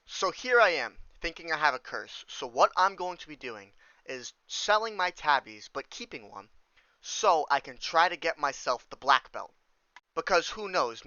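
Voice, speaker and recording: Young male gamer narrating over footage; bright, crisp voice, cursing and venting constantly, dry slightly dull recording. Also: fairly high pitch, dry recording. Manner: profane, exasperated ranting with sudden outbursts. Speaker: gaming YouTuber.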